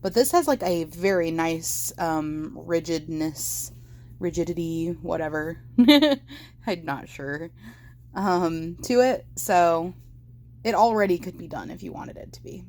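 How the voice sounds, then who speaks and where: A woman's voice: fairly low pitch, measured pace, a little mellow. A young woman chatting casually as she walks through a crochet project at home, with lots of fillers and self-corrections. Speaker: crochet vlogger. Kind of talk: casual how-to chat while crocheting.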